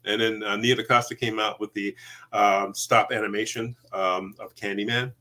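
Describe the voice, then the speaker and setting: A middle-aged man, an actor, telling stories in a casual interview, acting out quoted voices and laughing often. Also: normal speed. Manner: animated, acts out quoted voices with big pitch jumps; laughs often while talking. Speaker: actor guest.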